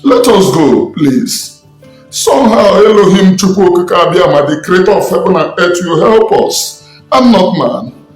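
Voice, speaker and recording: Nigerian man, scolding spiritualist rant, higher voice, roomy echo, faint music behind. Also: lively intonation, moderate pace. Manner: angry, preaching, scolding. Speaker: self-styled spiritualist commentator. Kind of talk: impassioned online rant. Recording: echoey room with faint music.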